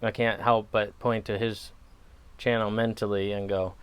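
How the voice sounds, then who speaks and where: A man's voice: on the low side, level tone, normal speed, clean tone. A man with a Wisconsin accent chatting casually on his pipe-smoking channel, wandering off on tangents and laughing at himself. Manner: rambling, digressive, laughs at himself. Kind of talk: casual vlog chat.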